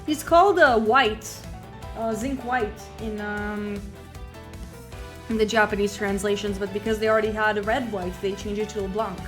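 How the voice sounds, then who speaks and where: A woman's voice: medium pitch, fairly even intonation, moderate pace. A woman streamer chatting and joking casually as she plays through a game. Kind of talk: casual gameplay commentary. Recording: game music behind voice.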